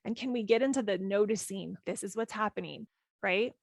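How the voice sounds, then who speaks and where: Gentle woman coaching parents, slightly gravelly. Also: mid-range voice, brisk, no echo. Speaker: parenting podcast host. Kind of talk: reflective solo podcast talk.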